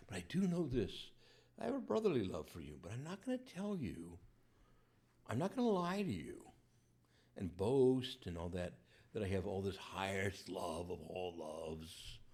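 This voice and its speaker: A man voicing a remorseful grown man who confesses in a hushed, halting, half-whispered voice. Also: mid-range voice, sing-song, gravelly, husky, full character voice. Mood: struggling.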